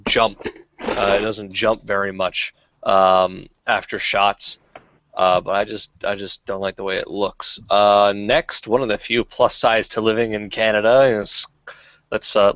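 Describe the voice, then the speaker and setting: A man's voice: lowish voice, a bit bright, no echo. A man hosting a podcast, chatting casually and profanely with many fillers. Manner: profane, rambling, frequent fillers. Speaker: podcast host. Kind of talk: casual chat. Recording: dull lo-fi podcast audio.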